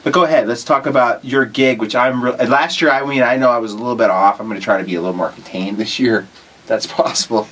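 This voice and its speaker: A man's voice: medium pitch, quick pace, fairly bright tone. Emphatic rambling male chiropractor. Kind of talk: casual chat.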